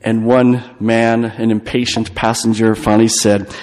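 A man's voice: lowish voice, little pitch movement, measured pace, a little mellow, in a large hall. A man giving a retreat homily as a priest, telling a story with emphatic repeated phrases.

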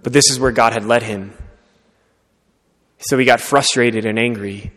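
Man, preacher, sermon as story, earnest, conversational, mid-pitched voice, long hall reverb. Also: steady tone, normal speed, fairly bright tone.

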